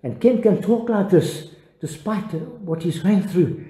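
An older man preaches a devotional sermon, earnest and halting, often restarting his phrases. His voice is very dark and mellow, pitched a little high for a man. The sound rings in an echoey room. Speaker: pastor.

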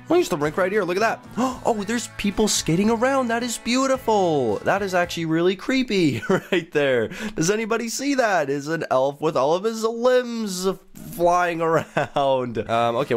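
Excitable young man commenting on a game. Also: on the high side. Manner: excitable, animated, gasping. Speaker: gaming YouTuber.

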